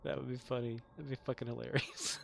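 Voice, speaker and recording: A man's voice: mid-range voice, flat delivery, a little fast, creaky, a little hiss or hum. A man chatting on a live game stream, joking loosely and laughing often. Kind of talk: casual live-stream chat.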